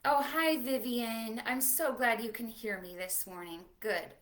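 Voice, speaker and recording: A young adult woman, a children's librarian, leading a livestreamed preschool storytime in an animated, sing-song way, talking to little children and a puppet. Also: on the high side, a little slow.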